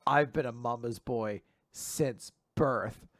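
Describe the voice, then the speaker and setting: A man's voice: mid-range voice, slow, no echo, voice pushed down, lightly acted. A man voicing a pompous young mama's-boy villain with a prissy mock-French lilt. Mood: ranting.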